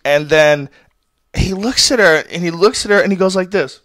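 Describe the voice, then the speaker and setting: A middle-aged man hosting a podcast, telling a story in a casual, animated, profane way with bursts of loud laughter. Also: high-pitched, moderate pace, slight background noise. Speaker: podcast host.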